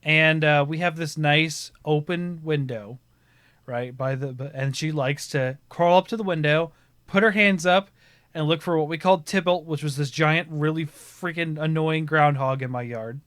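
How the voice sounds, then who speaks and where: A man from Ohio, a podcast host, telling stories in casual chat and bursting into loud laughing shouts. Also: a little high, moderate pace, no echo. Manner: animated storyteller, swings into loud laughing shouts.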